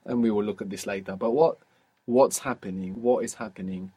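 Patient husky male language teacher. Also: lowish voice, fairly quick, mellow. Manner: patient, explains step by step with questions. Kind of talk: guided language lesson.

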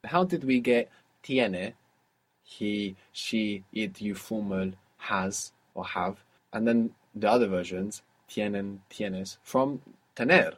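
Patient husky male language teacher. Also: fairly low pitch, slow pace. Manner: patient, explains step by step with questions. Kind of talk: guided language lesson.

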